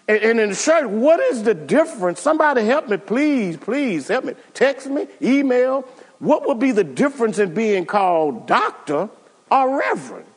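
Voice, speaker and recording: A man's voice: high-pitched, a bit bright, long reverb tail. A man preaching a sermon, emphatic, with many stammered restarts and calls out to the congregation.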